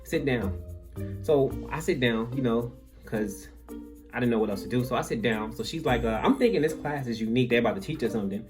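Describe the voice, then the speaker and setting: A young man telling a comic story from his school days, full of "like" and quick asides. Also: mid-range voice, over music. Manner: animated, filler-heavy, lots of "like". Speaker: vlogger.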